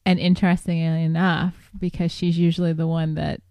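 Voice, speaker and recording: A woman co-hosting a podcast, talking in a calm, affirming way in casual conversation. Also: deep voice, fairly quick, no echo. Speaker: podcast co-host.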